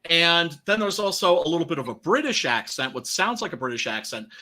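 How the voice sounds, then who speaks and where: A man's voice: a little high, very animated, a little fast, bright, forceful tone. A man hosting a casual film podcast, rambling loosely with lots of fillers and swearing. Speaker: podcast host.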